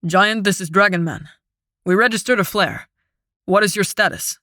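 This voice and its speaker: A woman's voice: medium pitch, moderate pace, bright, forceful tone, dry recording, studio quality, close to an everyday voice. A woman voicing a hard, angry male commander who is centuries old and part angel, speaking in stern, clipped radio calls.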